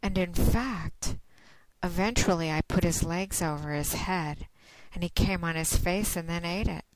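Woman host, casual solo monologue, teasing and playful delivery, low register. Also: unhurried, dry recording, poor audio. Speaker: podcast host.

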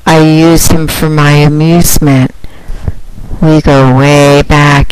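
A woman's voice: deep voice, slow pace, smooth, no echo. A woman delivering a domineering, taunting promotional monologue as a dominatrix phone line host.

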